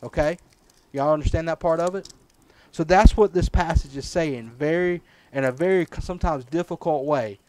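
A man's voice: on the high side, normal speed, noisy background. A man, a preacher, teaching a children's Sunday school Bible lesson, checking in with the kids often. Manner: patient, checks in often with "right?" and "okay?".

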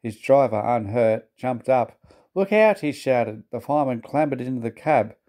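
A man narrates a children's storybook in a measured, gentle way. His voice is mellow and dark, pitched in the middle of the range. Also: fairly even intonation. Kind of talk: storybook reading aloud.

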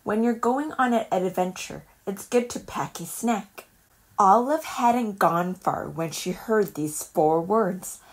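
A woman reading a children's picture book aloud in a calm, measured storytelling voice. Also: medium pitch, slight background noise. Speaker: storybook reader.

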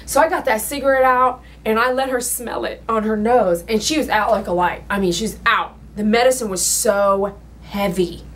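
A woman who works as a dog groomer, telling a personal story in her salon while she works, rambling and emotional with sudden loud exclamations. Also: on the high side, moderate pace. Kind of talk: casual storytelling while working.

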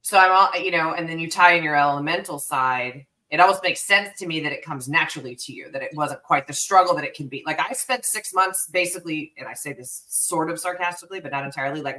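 A woman's voice: deep voice, quick pace, hardly any pauses, bright, forceful tone, distant mic, poor audio. A woman co-hosting a chat show, asking long rambling questions in a chatty way. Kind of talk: casual chat.

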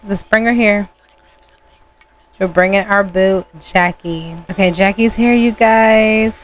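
A woman hosting a gaming channel, narrating her gameplay casually to viewers with sudden high exclamations. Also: slow pace, a little hiss or hum.

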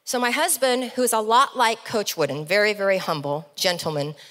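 A middle-aged woman giving a motivational keynote speech on stage, telling stories as a lively, animated storyteller with comic asides. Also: medium pitch, normal speed, in a large hall. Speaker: keynote speaker. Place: large event hall, on stage.

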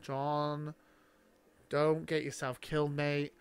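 A man doing live reaction commentary, talking back at the screen and swinging between low mutters and excited shouts. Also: slow, clear, resonant tone. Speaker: reaction video host.

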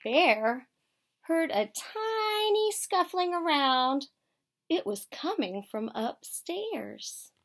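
A woman teacher reads a picture book aloud to children. Her voice sits fairly high and moves a lot in pitch. She speaks slowly and expressively, stopping to ask questions. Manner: warm, expressive storytelling, asks questions of children.

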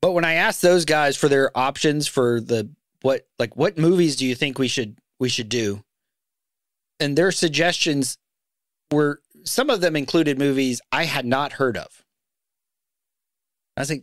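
A man's voice: on the high side, a little slow, pauses often, dry recording, clean studio sound. A man hosting a podcast in a casual, chatty way, laughing easily and often restarting his sentences. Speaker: podcast host.

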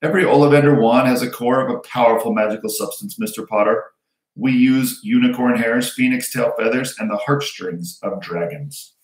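A man reading aloud, voicing an old male wandmaker who speaks softly, draws out his words and turns stern and probing. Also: mid-range voice, close to an everyday voice. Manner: soft and drawn-out, suddenly stern. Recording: roomy echo.

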